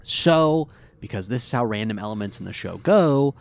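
A man co-hosting a podcast, casually recapping an episode in an animated, rambling way with fillers. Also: on the low side, moderate pace, creaky.

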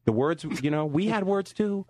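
An American man hosts a radio talk show, his voice swinging up and down in an animated rant. He jokes at his own expense. The studio sound is dry and close. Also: high voice, normal speed, no room sound. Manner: animated, ranting, self-mocking.

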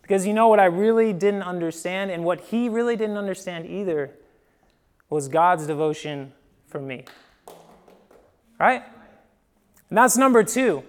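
A young male preacher from Ohio delivers his sermon like a story told to friends. His voice sits high and sounds smooth and resonant. He punctuates points with "right?" and moves between emphatic swells and hushed drops. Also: unhurried, pauses often. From Midwest US, Ohio. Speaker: pastor.

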